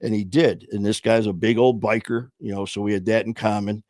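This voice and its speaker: A man's voice: fairly low pitch, fairly even intonation, fairly quick, a little mellow, dry recording. A man hosting a sobriety support livestream, telling a story to his viewers in a casual, earnest way, rambling with frequent restarts and fillers. He speaks from a small home studio.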